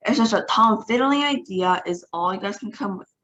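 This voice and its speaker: A woman reading a storybook aloud, voicing a tiny, furious female witch leader who shouts and shrieks her orders. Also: mid-range voice, a little slow, muffled recording, close to an everyday voice. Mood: scornful. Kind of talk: read-aloud storybook acting.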